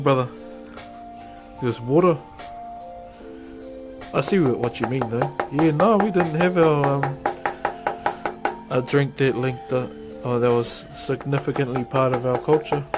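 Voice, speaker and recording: A man with a New Zealand accent, a streamer casually chatting with viewers while woodcarving, laid-back and quick to laugh. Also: fairly high pitch, over music. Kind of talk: casual livestream chat answering viewers.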